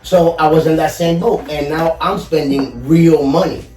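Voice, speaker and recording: A man's voice: a little high, fairly even intonation, normal speed, darkish tone. A man guest on a podcast, earnestly telling a personal story in casual chat, often saying "you know". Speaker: podcast guest, collector and YouTuber. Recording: echoey room, far from the mic, faint music.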